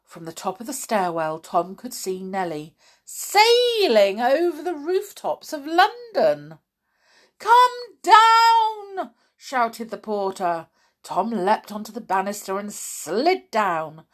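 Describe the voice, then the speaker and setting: A woman reading a children's storybook aloud with slow, dramatic, expressive delivery. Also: medium pitch. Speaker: narrator.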